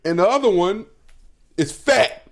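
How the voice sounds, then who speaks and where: A man's voice: sits high, animated, measured pace. A man co-hosting a podcast from home, chatting casually, profane and laughing often. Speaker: podcast co-host. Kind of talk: casual chat.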